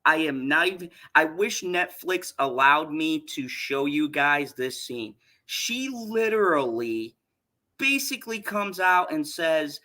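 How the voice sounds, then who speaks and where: A woman's voice: low voice, expressive, slow, sharp tone. A woman giving a profane, exasperated rant while reviewing a show.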